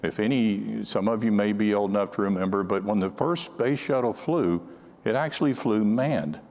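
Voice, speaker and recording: A man's voice: lowish voice, normal speed, a little mellow, big-room sound. An older man speaking at a conference, telling counterintelligence anecdotes in a conversational way, often restarting his sentences. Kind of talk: storytelling talk to an audience.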